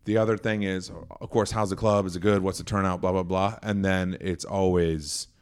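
A man's voice: low-pitched, normal speed, smooth. A man, a stand-up comedian, chatting casually and acting out quotes as he tells stories. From Worcester area. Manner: animated storyteller, acts out quotes. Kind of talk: casual chat.

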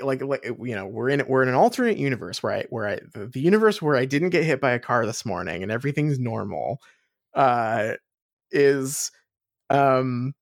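A woman's voice: a bass voice, dry recording, clean studio sound. A woman co-hosting a podcast in casual chat, rambling and laughing, swearing freely. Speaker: podcast co-host.

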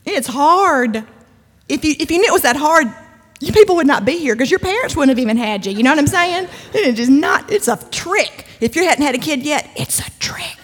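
A woman's voice: sits high, lively intonation, brisk. A woman giving a conversational, emphatic sermon-style talk at a church event, with humor and frequent asides. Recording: long hall reverb.

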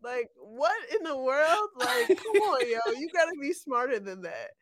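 A woman's voice: high voice, very animated, no room sound. Woman, podcast co-host, teasing and incredulous, dry close sound. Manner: incredulous, teasing, drawn-out delivery. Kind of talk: casual chat.

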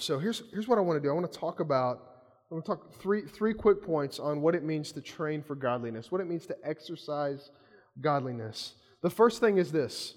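A male pastor preaching a sermon in a lively, conversational storytelling manner. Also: on the high side, normal speed. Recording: long hall reverb.

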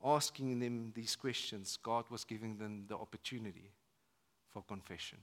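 A man preaching a sermon at a church service, moving between loud emphatic lines and hushed ones. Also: fairly low pitch, normal speed. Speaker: pastor.

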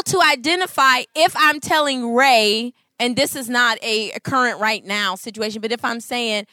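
A woman in her thirties giving a Christian talk on marriage, expressive and full of acted-out voices. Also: a little high, moderate pace, few pauses, dry recording, studio quality. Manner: expressive, acts out voices, laughs. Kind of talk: animated storytelling talk.

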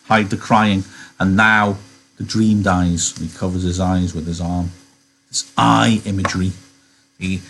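A man's voice: low-pitched, a little hiss or hum. A male teacher giving an online literature lesson, reading aloud and musing conversationally with rhetorical questions.

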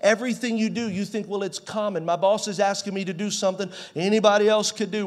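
A pastor in his forties preaching a sermon in a conversational way, swinging from loud to soft. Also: high-pitched, steady tone, fast talker, hardly any pauses. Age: 40s.

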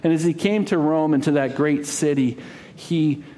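Dramatic male preacher, somewhat high voice. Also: normal speed. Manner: dramatic, builds to loud cries then drops to a hush. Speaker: pastor. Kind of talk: sermon storytelling.

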